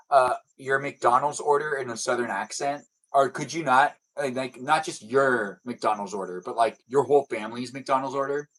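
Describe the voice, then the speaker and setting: A young man hosting a casual live stream at home, rambling as he answers chat messages aloud. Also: medium pitch. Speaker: livestream host. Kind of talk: casual livestream chat reading comments. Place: indoors at home with TV on behind.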